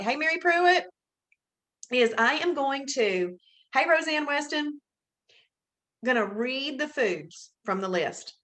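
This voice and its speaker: Woman host with an Alabama drawl, slightly high voice, chatty and upbeat, greeting people by name on a live webinar. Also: a bit bright. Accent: Southern US, Alabama. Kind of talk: casual live webinar chat.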